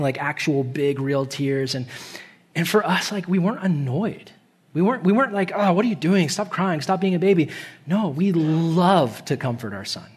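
Animated young male preacher. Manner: casual and animated, laughs often, acts out quotes in high voices. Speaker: pastor. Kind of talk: sermon. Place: church hall.

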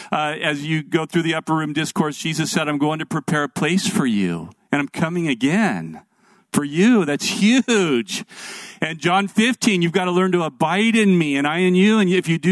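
A middle-aged male pastor preaching a sermon, telling stories in an animated, earnest way. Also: on the high side, no echo.

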